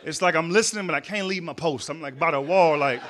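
A man doing a stand-up comedy set in a club, telling a story in an animated, slangy way and acting out voices. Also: fairly high pitch, fast, slight background noise. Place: comedy club stage before a live audience.

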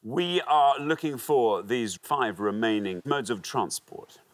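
Lively quiz show host. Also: male voice, medium pitch, slow pace. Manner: lively, playful banter with contestants. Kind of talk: game show hosting. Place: TV studio.

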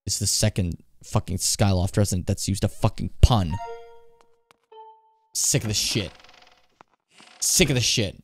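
A young man streaming a game live, talking casually in an excitable, jokey, profane way. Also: fairly low pitch, measured pace, pauses often, faint music behind.

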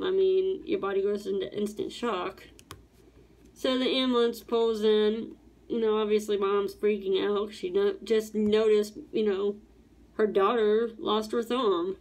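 A woman's voice: medium pitch, darkish tone. A woman casually telling a personal story to her channel, rambling and repeating words as she acts out what people said.

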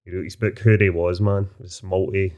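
Scottish man, low voice, rapid-fire, sweary storyteller, casual interview chat. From Scotland. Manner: sweary, animated anecdotes, says "man" often. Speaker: author guest.

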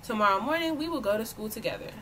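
Woman reading as a calm caring mother. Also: on the high side, quick pace, a little hiss or hum, rough recording. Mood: calm, firm.

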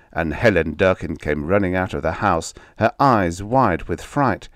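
A man with a very deep voice reading a story aloud as audiobook narration. His delivery is measured and dramatic. The sound is close and dry, with no room around it. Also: no echo.

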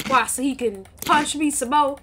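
Woman gaming, high lively voice, bragging and trash talking, keyboard clicks behind. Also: normal speed, background noise. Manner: playful, boastful trash talk. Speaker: gaming channel co-host. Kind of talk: casual gameplay commentary.

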